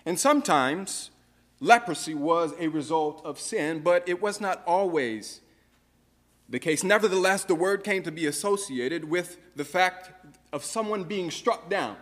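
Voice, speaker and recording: A man's voice: on the high side, lively intonation, a little slow, a bit bright, long reverb tail. A man preaching a sermon, earnestly posing rhetorical questions to the congregation. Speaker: pastor.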